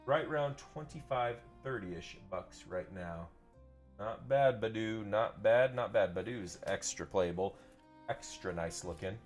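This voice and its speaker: Here the same card-breaking seller sounds lower and a touch slow, soft music behind him as he hosts his live pack-opening stream. He stays upbeat and talkative, greeting viewers by name and saying phrases again and again.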